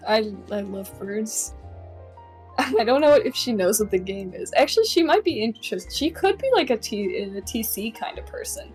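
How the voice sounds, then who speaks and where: A woman's voice: fairly high pitch, very animated, normal speed, darkish tone, faint music behind. Easygoing young woman, casual gaming guest. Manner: easygoing, trailing off and using lots of fillers. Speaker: guest YouTuber. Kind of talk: casual chat.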